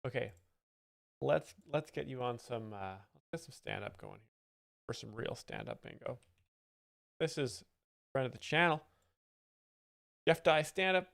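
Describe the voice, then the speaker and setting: A man plays a self-important professor of joke explaining, pausing clips to lecture in deadpan. His voice is gravelly and mid-pitched. The recording is close and dry. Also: no room sound. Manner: pompous, self-serious professorial persona. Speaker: comedic joke explainer host. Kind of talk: deadpan mock-expert commentary over clips.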